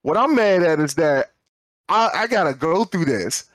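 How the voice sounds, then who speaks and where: Podcast co-host, male, somewhat high voice, animated storyteller who doubles up words when worked up, dry studio sound. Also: moderate pace, dry recording. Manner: animated storyteller, acts out quoted dialogue, repeats words when fired up. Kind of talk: casual storytelling chat.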